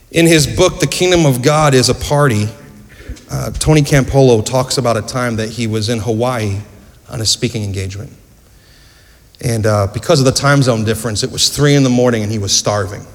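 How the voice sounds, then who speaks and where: Earnest preacher in an echoey hall. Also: male voice, mid-range voice. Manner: earnest storytelling with rhetorical questions. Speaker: pastor. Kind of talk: sermon. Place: church.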